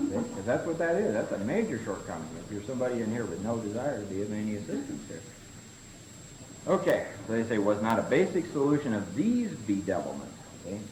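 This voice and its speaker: A man's voice: on the low side, sing-song, a little fast. A man leading a recovery-group study session, talking in short punchy phrases and often tagging them with "see?". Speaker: Big Book study leader. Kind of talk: recovery group teaching talk. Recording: echoey room with faint hiss.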